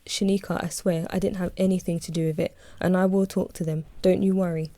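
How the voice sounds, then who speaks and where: A woman reading aloud as a calm, reassuring male office boss, speaking in a measured, patient way. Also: high voice, no room sound.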